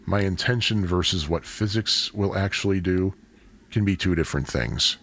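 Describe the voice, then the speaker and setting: Male cycling vlogger with a low voice and a rambling, chatty delivery, recorded outdoors on a camera with heavy road noise. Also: moderate pace, fairly bright tone. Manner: rambling, chatty, self-deprecating asides. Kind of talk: casual narration while riding a bike. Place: outdoors on a city bike trail and streets. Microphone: bike- or body-mounted action camera. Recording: outdoor wind and traffic noise.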